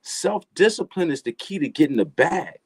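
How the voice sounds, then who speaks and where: A man's voice: on the high side, sing-song, normal speed, slightly rough, no echo. A middle-aged man talking casually as a guest, giving emphatic, preachy advice in street slang and repeating phrases for effect. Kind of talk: casual motivational talk.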